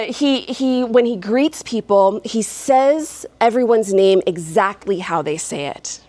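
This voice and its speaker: A woman performing a live oral fairy tale for an audience, playful and chuckling, with folksy asides. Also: on the high side. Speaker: storyteller. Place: live stage before an audience.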